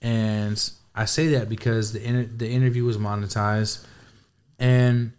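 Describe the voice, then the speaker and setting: A man chatting casually as a podcast guest, telling a story in an animated way with heavy slang and lots of swearing, acting out his own reactions. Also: lowish voice, measured pace, smooth. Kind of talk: casual chat.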